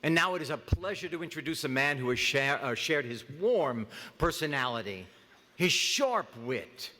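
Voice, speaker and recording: A middle-aged man speaking as master of ceremonies at an awards event, joking with many halting restarts. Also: a little high, sing-song, pushed and bright. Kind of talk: comic awards-ceremony emcee speech. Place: large hall at an awards ceremony. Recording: long reverb of a large hall.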